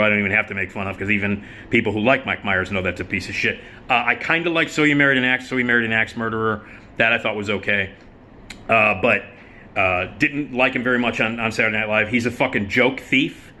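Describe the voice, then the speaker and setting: Bright-voiced man ranting with profanity. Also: medium pitch. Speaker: host. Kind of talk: opinionated solo commentary.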